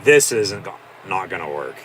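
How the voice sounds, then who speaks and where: A man with a fairly low voice talks through a live watch-along, swearing often and mocking what he sees. He sounds exasperated and sarcastic. A faint steady hum sits under the recording. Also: moderate pace. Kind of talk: live reaction commentary.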